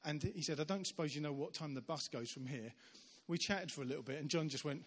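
A man giving a sermon as a visiting preacher, telling stories in an animated way and acting out the voices of the people in them. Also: fairly high pitch, quick pace. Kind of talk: sermon storytelling. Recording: long reverb of a large church hall.

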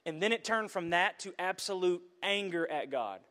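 Middle-aged male pastor, earnest and emotional in the pulpit, slightly high voice, long hall echo. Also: animated, moderate pace, bright, forceful tone. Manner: earnest, emotional testimony with restarts. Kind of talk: sermon.

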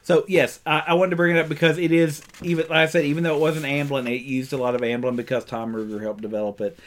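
A man's voice: a little high, fairly even intonation, quick pace. A man co-hosting a casual podcast, recapping an old cartoon with lots of ums and restarts. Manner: rambling, many ums and restarts, laughs often. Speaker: podcast co-host.

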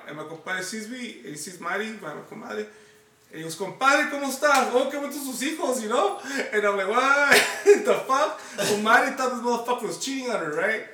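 A man's voice: sits high, distant mic, a little hiss or hum. A man, hosting and telling profane, laugh-filled stories in casual chat. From Los Angeles. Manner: profane, animated, laughing storyteller. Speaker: podcast host. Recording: echoey room, off-mic.

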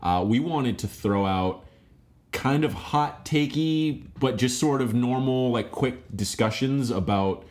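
A man's voice: medium pitch, takes it slowly, a little mellow. A young man co-hosting a music podcast, laid-back and blunt, swearing casually. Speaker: podcast co-host. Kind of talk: casual chat.

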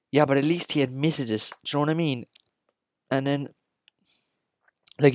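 An Irish man with a Cork accent hosting a solo podcast, ranting and joking in an excitable, casual way. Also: medium pitch, dry recording, studio quality. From Ireland. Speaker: podcast host.

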